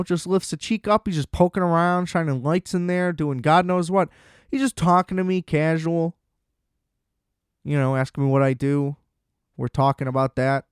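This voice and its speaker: A young man hosts a podcast and rants through a comedic story, animated and self-deprecating. His voice sits at an ordinary middle pitch. The sound is close and dry, with no room in it. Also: clear, resonant tone, no echo. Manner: animated, self-deprecating, acts out quotes with frequent laughs. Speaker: podcast host.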